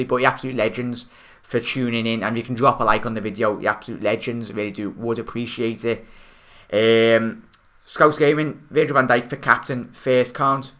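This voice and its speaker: A man's voice: medium pitch, bright, forceful tone. A young man with a Scouse accent hosting a casual football fan stream, rambling and chatty with lots of fillers, reading out viewer comments. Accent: Liverpool Scouse. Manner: chatty, rambling, many fillers and restarts, calls viewers mate. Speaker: football fan channel host.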